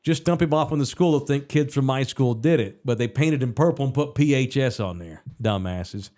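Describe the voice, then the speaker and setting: A man's voice: medium pitch, normal speed, mellow. A man co-hosting a podcast, telling a rambling, profane story in casual chat. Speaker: podcast co-host.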